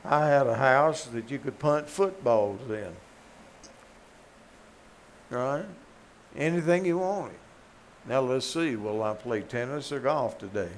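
Older southern guy preaching, folksy jokes, gets loud on the big points, faint hiss behind. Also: medium pitch, expressive, takes it slowly, long pauses. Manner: storytelling, joking, rising to emphatic peaks. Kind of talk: folksy sermon.

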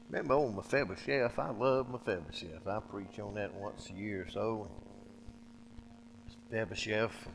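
A man's voice: lowish voice, long reverb tail, noisy background. Folksy male preacher telling a story. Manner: folksy storytelling, acting out dialogue. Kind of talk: sermon.

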